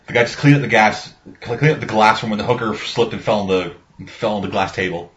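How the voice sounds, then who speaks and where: A man's voice: on the low side, fairly even intonation, fast, fairly bright tone. A man chatting casually about a movie, rambling, swearing often and acting out lines from scenes. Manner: rambling, swears a lot, acts out quotes. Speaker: podcast co-host. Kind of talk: casual movie review chat. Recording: dull lo-fi sound.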